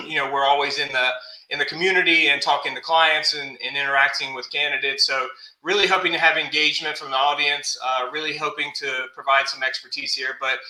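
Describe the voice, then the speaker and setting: Bright-voiced man in an echoey room. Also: medium pitch. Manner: measured, businesslike, many fillers. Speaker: guest, consulting firm co-founder. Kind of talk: live web show interview.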